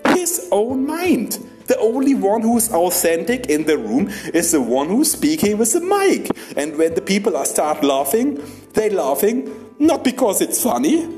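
A young man, a stand-up comedian, giving a rambling comic monologue in halting non-native English, laughing between lines and often tagging "yeah?". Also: high voice, darkish tone.

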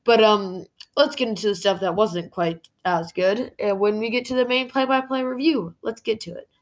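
A woman's voice: mid-range voice, normal speed. Chatty woman hosting a wrestling review. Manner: chatty, heavy use of "like" fillers. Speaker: podcast host. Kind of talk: casual wrestling show review.

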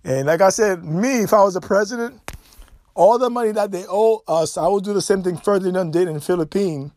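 A man's voice: sits high, fairly quick, darkish tone. A middle-aged man with a Haitian accent, hosting a solo podcast and making his points emphatically, repeating himself with loose grammar. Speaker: podcast host.

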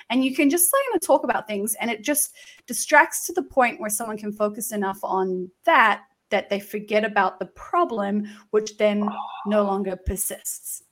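A young woman hosting a casual chat over a video call, giving frank, animated advice. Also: mid-range voice, normal speed. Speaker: podcast host.

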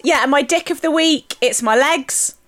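A woman's voice: high-pitched, normal speed, a bit bright. A woman in her thirties, co-hosting a podcast in a rambling, chatty way with many fillers. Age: 30s. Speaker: podcast co-host. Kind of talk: casual chat.

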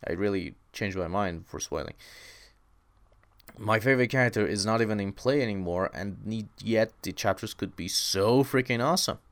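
A man's voice: on the low side, normal speed, dry recording. A young man hosting a casual solo podcast, talking with enthusiasm and rambling, repeating words for emphasis. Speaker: podcast host.

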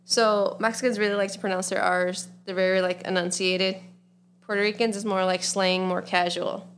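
A woman's voice: medium pitch, level tone, normal speed, a little hiss or hum. A young adult woman co-hosting a podcast, chatty and laughing often as she tells a story. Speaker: podcast co-host. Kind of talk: casual chat.

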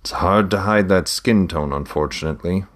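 A man reading an audiobook, voicing a middle-aged trader who is a proud, weary father and speaks in a measured, matter-of-fact way. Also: sits low, natural voice.

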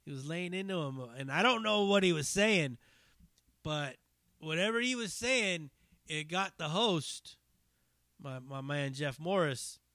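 A man's voice: a little high, expressive, measured pace, sharp tone, dry recording, studio quality. A man hosting his own podcast, a stand-up comic telling a long, loose, profane story with fillers and restarts. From Northern California. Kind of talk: casual rambling storytelling.

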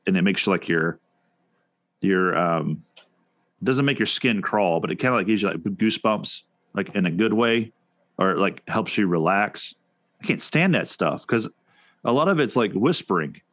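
A man's voice: fairly low pitch, animated, normal speed, a bit bright, dry recording. A man co-hosting a casual chat show, talking in a rambling way with many restarts and fillers. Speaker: podcast co-host.

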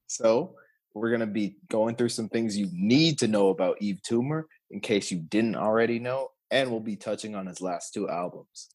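Low-voiced casual podcast co-host. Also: male voice. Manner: relaxed, conversational, hedging with fillers. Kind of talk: casual podcast chat about music.

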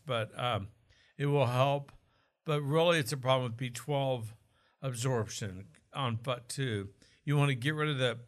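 A man's voice: medium pitch, fairly bright tone. A man from Oklahoma talking casually about health as a co-host, explaining with asides and jokes. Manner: chatty, explanatory, jokes and restarts.

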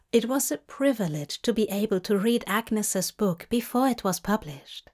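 A woman doing a courteous, old-fashioned bookish gentleman. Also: fairly high pitch. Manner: polite, old-fashioned phrasing. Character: gentle, fussy male bookish narrator. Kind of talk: fanfic audiobook reading.

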